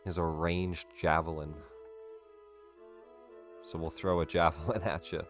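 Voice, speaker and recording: A man running a tabletop game as game master, giving rulings in a relaxed, matter-of-fact way. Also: deep voice, a little slow, soft background music.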